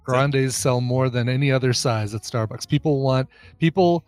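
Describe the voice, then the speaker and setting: Chatty man with a mid-pitched voice. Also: moderate pace, a little mellow, soft background music. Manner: chatty, explains with asides, laughs often. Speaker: podcast host. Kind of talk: casual chat.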